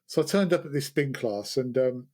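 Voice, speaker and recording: A man hosting a podcast, telling a self-mocking story in a casual, animated way. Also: mid-range voice, normal speed. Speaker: podcast host. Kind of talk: casual chat.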